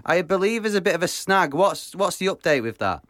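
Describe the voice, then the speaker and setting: A man's voice: sits high, animated, a little fast, a bit bright, no echo, clean studio sound. A man hosting a casual interview, asking questions in a friendly, conversational way. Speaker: host.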